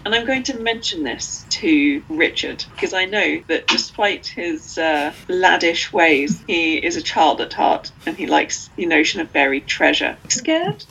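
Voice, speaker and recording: A woman's voice: low voice, unhurried, creaky, hardly any pauses, fairly bright tone, a little hiss or hum, low-quality recording. A woman playing in a tabletop game, wry and laughing. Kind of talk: casual game talk.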